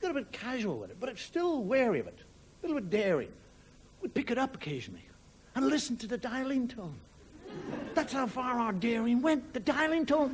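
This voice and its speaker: Here the Irish comic's very high voice swings widely in pitch as he delivers a wry stand-up monologue at a fairly quick pace, performing the voices of his characters. The middle-aged man is on a 1990 TV studio broadcast, and audience noise and laughter can be heard.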